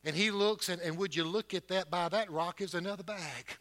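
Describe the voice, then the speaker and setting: Male preacher, high and very bright voice, emphatic pulpit delivery that swings loud and soft. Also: moderate pace, few pauses. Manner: emphatic preaching with wide swings in loudness and pace. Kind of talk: sermon. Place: church building.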